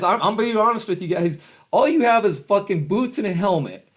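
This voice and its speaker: Middle-aged guy cussing through a rambling vlog rant, voice sits kinda high, chuckles a lot. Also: expressive, normal speed, husky. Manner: heavy swearing, loud swings, frequent chuckles. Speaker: vlogger. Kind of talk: rambling profane rant to camera.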